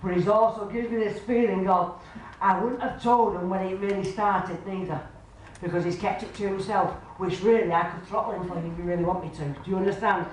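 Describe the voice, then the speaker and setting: A woman works as a medium before a crowd, her homely patter caught from well back in a boomy, very echoey club room. A faint hiss of noise hangs under her voice, which sits at an ordinary middle pitch. She keeps checking in with the sitter, asking again and again whether they understand. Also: steady tone, fairly quick, recorded from a distance. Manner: chatty, homely, addresses the sitter as love and sweetheart. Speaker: spiritualist medium. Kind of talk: live mediumship reading to an audience.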